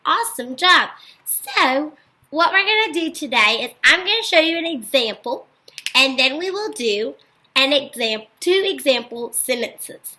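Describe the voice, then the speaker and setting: Encouraging high-voiced woman teaching young children. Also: lively intonation, pushed and bright, low-quality recording. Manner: slow, clear and encouraging, praising often. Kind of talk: recorded phonics lesson for young children.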